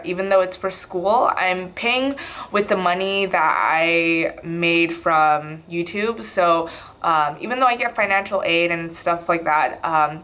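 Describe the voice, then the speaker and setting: A woman's voice: fairly low pitch, a bit bright. A young woman in her twenties chatting casually in a video diary, rambling a little with frequent "um"s. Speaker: vlogger.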